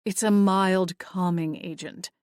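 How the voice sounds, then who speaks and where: A woman's voice: on the low side, steady tone, takes it slowly, a little mellow, clear, resonant tone, no room sound. Woman voicing a curt young man, clipped, dismissive, dry close sound.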